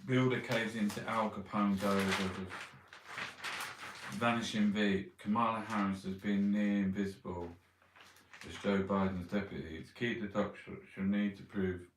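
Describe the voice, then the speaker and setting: Reading out newspaper headlines, a male vlogger mocks them in a sweary rant, speaking at normal speed in a fairly low, level voice. He's recorded from a distance with a roomy echo and slight background noise.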